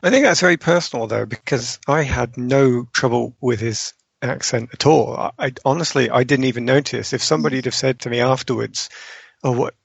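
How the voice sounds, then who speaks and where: A man co-hosting a casual film discussion, firm and opinionated in a measured way. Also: medium pitch, vocal fry, slightly rough, no echo. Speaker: podcast co-host. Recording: dry, dull lo-fi podcast audio.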